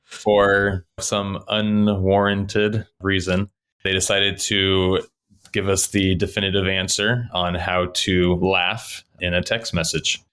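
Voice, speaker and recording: A man contributing to a podcast, telling news stories in a relaxed way and laughing often. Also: low-pitched, slow pace, smooth. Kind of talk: casual chat.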